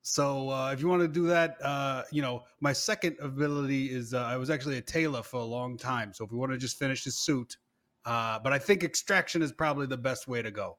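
A man's voice: medium pitch, a little fast, fairly bright tone. A man playing a comedic tabletop role-playing game, laid-back and joking with many fillers. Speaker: player.

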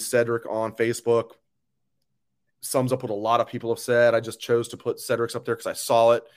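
A man hosting a live sports talk stream, ranting angrily and bluntly, with swearing, as he reads viewer comments. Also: medium pitch. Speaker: sports show host.

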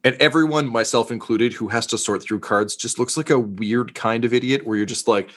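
A man's voice: mid-range voice, brisk, hardly any pauses, fairly bright tone. A man narrating as game master in a tabletop game, rambling with many fillers and jokes. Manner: rambling, filler-heavy, jokey.

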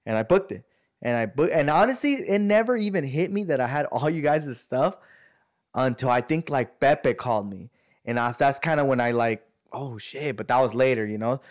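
A man with a medium-pitched voice and lively intonation talks at a moderate pace, casually spinning a long, rambling story for friends. His speech is slangy, and he acts out what other people said.

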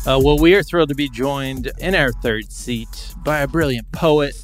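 A man's voice: mid-range voice, moderate pace, faint music behind. A man hosting a podcast, upbeat as he introduces guests and runs through the topics. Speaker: podcast host. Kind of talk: casual chat.

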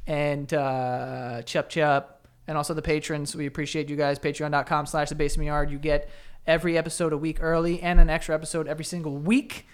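A man's voice: a little high, level tone, fast, clean tone. A young man co-hosting a podcast in casual, profane chat that rambles and keeps restarting its sentences. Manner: rambling, profane, self-interrupting. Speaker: podcast co-host.

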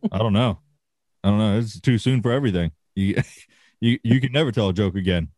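A man's voice: on the low side, brisk, darkish tone, no room sound, clean studio sound. A man co-hosting a casual podcast, sarcastic and ranting with plenty of swearing. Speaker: podcast co-host.

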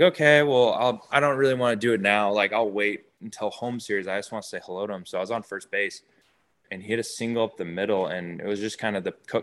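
A young man, a baseball player, casually telling stories in an interview and acting out what others said. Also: lowish voice. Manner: animated, acts out quotes of others.

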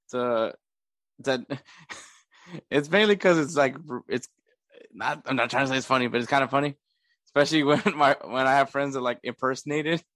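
A man's voice: mid-range voice, normal speed, long pauses, fairly bright tone, no echo, studio quality. A man co-hosting a podcast in casual chat, hesitant and chuckling as he talks. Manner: hesitant, chuckling, with many restarts. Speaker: podcast co-host.

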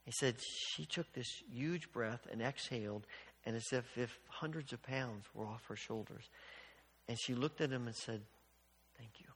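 A man preaching a sermon in an earnest way, often stumbling over repeated words and dropping to a hushed voice for emphasis. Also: medium pitch, moderate pace, slightly rough, big-room sound. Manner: earnest, repeats words when restarting, drops to quiet near-whispers for emphasis.

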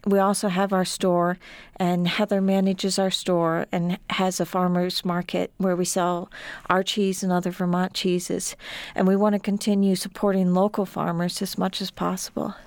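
Radio interview guest: middle-aged woman, emphatic and firm, some vocal fry. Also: fairly low pitch, little pitch movement, a little mellow, no echo. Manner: emphatic, intense, pauses and restarts when emotional. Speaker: interview guest, farmer and author.

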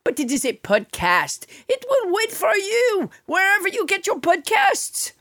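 A woman's voice: very high voice, big pitch swings, measured pace, pitched above the performer's own voice, full character voice. A woman playing a pompous male president with a put-on French accent, blustering and boastful in a comedic impression. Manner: blustering, boastful, mock-indignant.

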